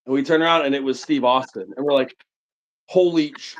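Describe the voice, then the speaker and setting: A man's voice: medium pitch, quick pace. A man in his forties from New England, telling a long casual anecdote full of fillers on a livestream. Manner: rambling, animated anecdote telling with many fillers. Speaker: livestream host. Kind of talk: casual storytelling chat. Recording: muffled lo-fi stream audio.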